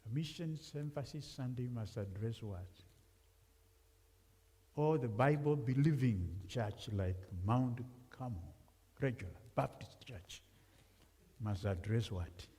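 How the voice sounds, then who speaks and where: A man's voice: mid-range voice, takes it slowly, pauses often, dark tone, slightly rough. A man from Africa preaching as a guest speaker, talking conversationally and putting questions to the congregation. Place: church sanctuary. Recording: long church reverb.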